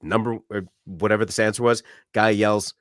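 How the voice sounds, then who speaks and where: A man with a lowish voice tells a story on a casual podcast and keeps reenacting his own shouting. The sound is dry and close, with no room in it. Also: moderate pace, no echo. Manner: loud, animated storyteller who acts out shouts. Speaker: podcast co-host. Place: apartment room.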